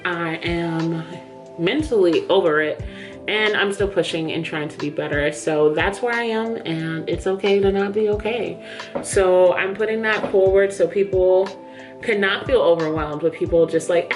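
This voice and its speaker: Chatty woman book vlogger, lowish voice. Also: measured pace, faint music behind. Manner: chatty, candid, says "yo" and "y'all". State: out of breath. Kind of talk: casual chat to camera. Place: small room lit with studio lights.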